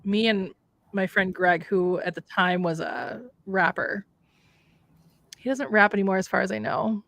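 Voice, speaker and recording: A woman's voice: mid-range voice, steady tone, measured pace, creaky, a bit bright. A woman with a light Minnesota accent, chatting casually and ramblingly as a livestream co-host. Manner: chatty, rambling, drops in Norwegian words. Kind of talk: casual chat. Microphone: remote streaming setup.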